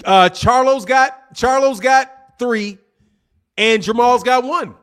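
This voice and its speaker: A man with an unusually high voice hosts a casual livestream. He rambles quickly and teases his viewers with cocky trash talk, often restarting his sentences. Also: fairly bright tone. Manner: cocky, teasing, trash-talking; fast, rambling, with restarts and laughs. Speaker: livestream host.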